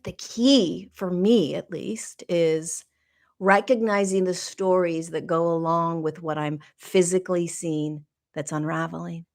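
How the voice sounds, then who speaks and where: Middle-aged woman, podcast host, lower voice, halting spiritual musing, emotional. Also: steady tone. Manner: slow, searching, halting and emotional. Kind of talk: reflective spiritual monologue.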